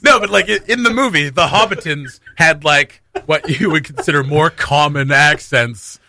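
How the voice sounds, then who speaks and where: A man's voice: fairly high pitch, moderate pace, creaky, sharp tone, slight background noise. A man hosting a morning radio show, chatting casually, laughing often and restarting his sentences. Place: radio studio.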